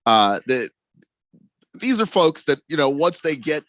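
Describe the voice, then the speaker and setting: High, lively stammering radio co-host. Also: male voice, unhurried, no echo. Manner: stammering restarts, laughs while talking. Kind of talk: casual sports talk.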